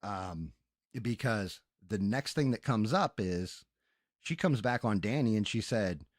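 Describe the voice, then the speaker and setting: A man's voice: lowish voice, animated, measured pace, no echo, studio quality. A man streaming on a headset mic, telling a story in a casual, profane, exasperated rant. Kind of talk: casual ranting stream chat.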